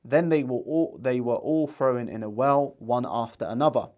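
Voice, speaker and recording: A man's voice: medium pitch, normal speed, darkish tone. A man presenting religious commentary in an earnest, argumentative way, reading out scripture and reciting Arabic quotations.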